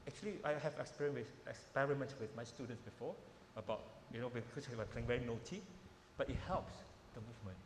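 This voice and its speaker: A man's voice: mid-range voice, fast talker, slight background noise. A man teaching piano in a workshop, coaching in an informal way with repeated words and simple phrasing. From Malaysia. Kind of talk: masterclass teaching. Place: large hall with a piano. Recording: roomy hall echo with piano playing.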